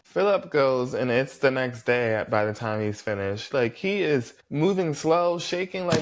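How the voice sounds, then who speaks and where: A man casually recapping a reality show episode, blunt and profane, with lots of "like" fillers and animated reactions. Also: medium pitch, takes it slowly.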